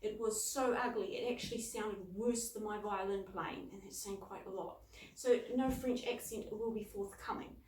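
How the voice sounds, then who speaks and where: A woman's voice: mid-range voice, fairly even intonation, normal speed, a little mellow, slight background noise. A woman reviewing a children's book and reading from it aloud, in a playful, self-deprecating way. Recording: roomy, distant mic.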